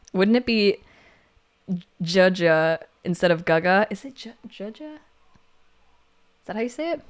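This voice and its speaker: Giggly woman chatting on a livestream. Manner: giggly and playful, jumps to squeaky exclamations. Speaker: livestream co-host. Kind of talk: casual chat reading viewer comments aloud.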